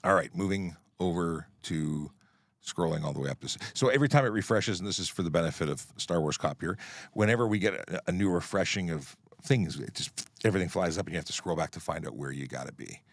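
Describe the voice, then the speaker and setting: A man's voice: low-pitched, expressive, fast talker, gravelly, dry recording. A middle-aged man, a traffic police officer hosting a livestream Q&A, speaking firmly and plainly as he explains traffic rules. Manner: firm, plain-spoken, explains rules while scrolling comments. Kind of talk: livestream Q&A chat.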